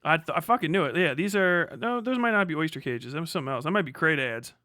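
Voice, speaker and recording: Excitable, cursing male streamer. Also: on the high side, fast talker, dry recording, studio quality. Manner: profane, excitable, rambling. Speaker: streamer reacting to videos. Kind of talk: casual live-stream commentary.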